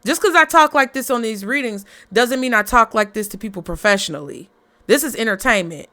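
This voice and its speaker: A woman reading tarot for her audience in a casual, fired-up way, swearing freely and not mincing words. Her voice is fairly high, bright, and clear. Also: animated, a little fast. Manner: blunt, profane, fired-up motivational talk. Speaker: tarot reader.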